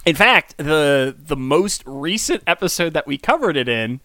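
Bright, lively-voiced male podcast host. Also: fairly high pitch, unhurried, dry recording. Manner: chatty, rambling with many ums. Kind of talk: casual podcast chat.

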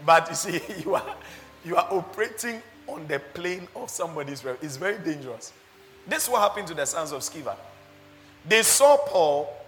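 A man preaching a sermon as pastor, animated, laughing often and asking his listeners rhetorical questions. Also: a little high, long reverb tail, a little hiss or hum.

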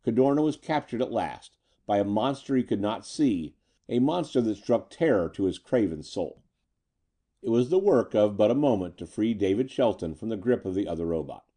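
A man narrating a pulp story in a measured, dramatic reading. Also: lowish voice, animated, dark tone.

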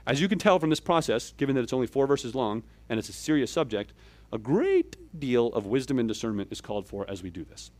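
A man, a church elder, preaching a conversational sermon. He explains step by step, keeps checking in with "okay?" and "right?", and moves between louder emphatic pushes and quiet asides. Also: medium pitch, sing-song, fast.

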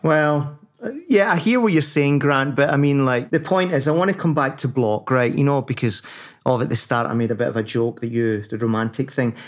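A man's voice: medium pitch, brisk. A man co-hosting a casual talk show, chatty and rambling, full of fillers and restarts. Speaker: podcast co-host. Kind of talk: casual chat.

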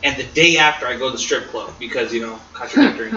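A man's voice: medium pitch, sing-song, quick pace, bright, forceful tone, slight background noise. A young man telling a rambling, laughing story in casual chat, swearing freely. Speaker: podcast guest. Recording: roomy, distant, dull mic with crowd.

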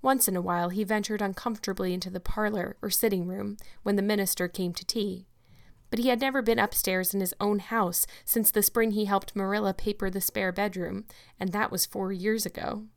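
A woman narrating a classic novel as an audiobook in a measured, steady way. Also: mid-range voice, gravelly. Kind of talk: scripted narration.

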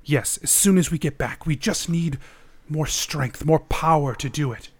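A man voicing an angry, ruthless raider who speaks low and stern. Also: a little slow, husky. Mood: menacing.

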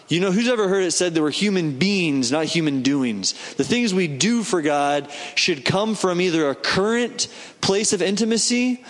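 Guy preaching, chatty and animated, kinda high voice, big echoey hall. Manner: conversational, animated, acts out quoted voices. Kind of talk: sermon. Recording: long hall reverb.

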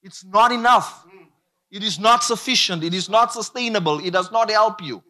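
A man's voice: high voice, normal speed, bright, forceful tone. A man preaching a sermon, emphatic and repetitive, drawing call-and-response from the congregation.

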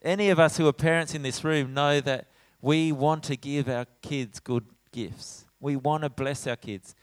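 A middle-aged man preaching a sermon in a church as pastor, animated, acting out his own lines when he tells stories. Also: a little high, normal speed, no echo. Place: church hall.

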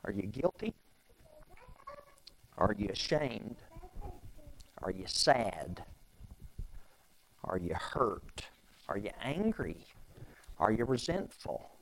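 A man's voice: fairly low pitch, big pitch swings, slow, gravelly, long pauses, slight background noise, poor audio. Conversational man preaching a sermon. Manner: conversational, repeats phrases, rhetorical questions. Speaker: pastor.

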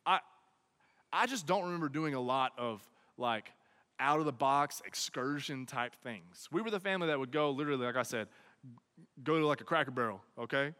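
A young man tells a comic personal story to an audience, animated and constantly checking in with "okay?" and "right?". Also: mid-range voice, fairly quick, big-room sound.

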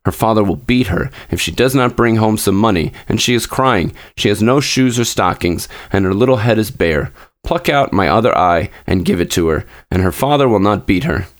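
A man reading aloud voices a gentle, sorrowful statue prince in a fairy tale, speaking slowly and solemnly. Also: on the low side, animated, lightly acted.

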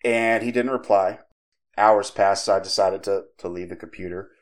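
A man hosting a podcast, casually telling a creepypasta story with profanity and lively quoted voices. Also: lowish voice, moderate pace. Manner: conversational, profane, animated when quoting others. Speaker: podcast host.

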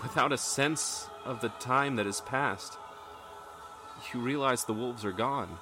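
A man's voice: medium pitch, measured pace, over music. A man narrating a tabletop role-playing game as game master, telling the story in dramatic second person.

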